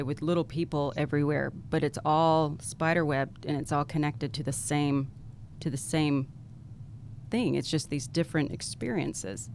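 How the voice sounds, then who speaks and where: A woman's voice: deep voice, darkish tone, slight background noise. A woman describing inner visions in a casual spiritual chat, rambling and imaginative.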